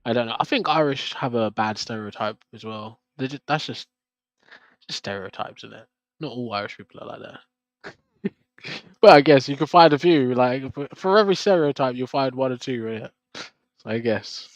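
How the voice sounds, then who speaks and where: A man's voice: medium pitch, expressive, normal speed, no echo, highs cut off. A man, chatting loosely with viewers on a live stream, full of fillers and restarts. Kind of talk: casual chat with viewers.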